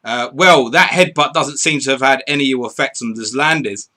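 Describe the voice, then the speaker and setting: A man hosting a live stream, chatting casually, reading out score updates and viewer messages in an excitable way. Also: medium pitch, normal speed. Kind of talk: casual live commentary and chat.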